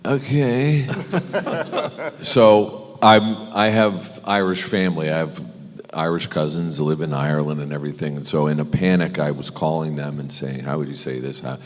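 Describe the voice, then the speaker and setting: A deep, low-voiced middle-aged American man spins stories for a convention crowd, slipping into quick impressions of other people and laughing along. His voice rings out with the long reverb of a big convention hall. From United States. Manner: animated storyteller, mimics others, laughs often. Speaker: convention panel guest. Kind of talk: telling anecdotes at a panel.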